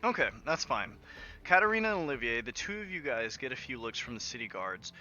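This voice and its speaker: A man's voice: mid-range voice, big pitch swings, a little fast, pushed and bright, highs cut off, faint music behind. A man narrating a tabletop game as game master in a casual, laughing way with many fillers, over an online voice call.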